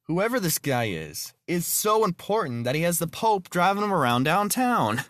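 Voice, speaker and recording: A man's voice: sits high, sing-song, moderate pace, fairly bright tone, dry recording, pitched above the performer's own voice. A man voicing a nervous young police officer who speaks hesitantly in a raised voice. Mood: uneasy.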